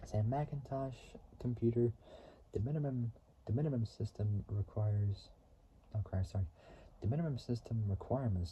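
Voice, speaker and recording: A man's voice: mid-range voice, normal speed, warm tone, slight background noise, rough recording. A man casually talking through a racing game's trivia, rambling and often restarting or correcting himself mid-sentence. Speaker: gaming video host. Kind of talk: casual game commentary.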